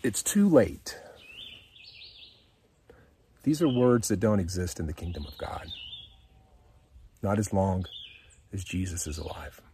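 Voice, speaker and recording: A man's voice: deep voice, animated, takes it slowly, long pauses, dark tone, a little hiss or hum. An American man giving a casual devotional talk on his podcast, earnest and encouraging, reading scripture and explaining it in his own words. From United States. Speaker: podcast host, devotional speaker.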